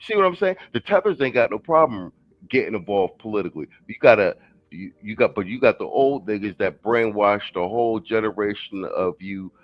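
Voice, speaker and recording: Heated low-voiced male panel host. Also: dry recording, highs cut off. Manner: heated, profane ranting. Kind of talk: live panel talk.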